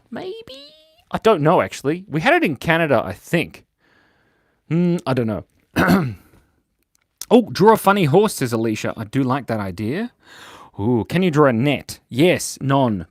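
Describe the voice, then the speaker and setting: In clean studio sound with no echo, a medium-pitched man with an Australian accent hosts a live drawing stream for kids. He's playful and jokey, chatting casually as he reads viewer comments out loud.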